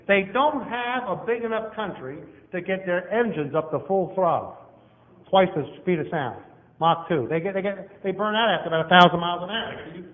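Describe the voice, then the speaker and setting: A man, preaching a sermon as a guest speaker in a church auditorium, folksy and lively as he walks the room. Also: sits high, normal speed. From Southern United States. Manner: folksy, lively, walking and pointing across the room. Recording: dull, long-reverb hall recording.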